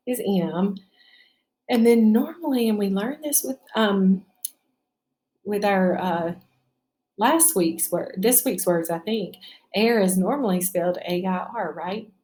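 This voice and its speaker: Slow patient woman teacher. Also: fairly low pitch, dark tone. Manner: patient, stretching out sounds, asking "right?". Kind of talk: slow spelling lesson for children.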